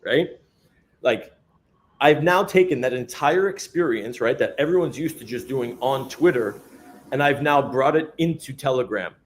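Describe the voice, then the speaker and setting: A man co-hosting a casual chat, talking in animated hype slang. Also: mid-range voice, normal speed, slight background noise. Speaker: co-host.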